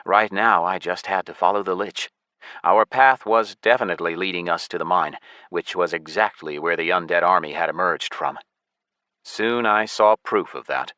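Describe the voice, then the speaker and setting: A man narrating a science fiction audiobook in the first person with a steady, even delivery. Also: low voice, normal speed, dry recording.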